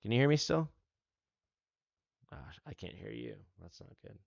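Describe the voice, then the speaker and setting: A man's voice: medium pitch, animated, moderate pace, vocal fry, no room sound, muffled recording. A man hosting a casual gaming livestream on a headset, laughing often and chatting with viewers. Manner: laid-back, laughs often, talks to chat. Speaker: livestream host.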